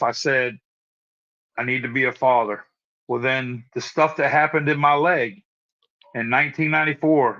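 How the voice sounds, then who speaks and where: A man in his forties tells his personal testimony in earnest, often repeating words and restarting sentences. His voice sits at an ordinary middle pitch. The sound is dull and muffled, like audio from a live-stream call. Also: fairly bright tone. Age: 40s. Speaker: guest sharing a recovery testimony. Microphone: remote live-stream call.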